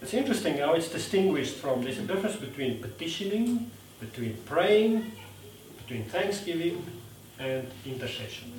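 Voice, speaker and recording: Male preacher, conversational and self-deprecating, lively delivery; distant mic, echoey hall. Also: fairly high pitch, a little hiss or hum. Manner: conversational, acts out quotes with lively voices; self-deprecating, laughs at himself. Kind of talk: sermon. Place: church hall.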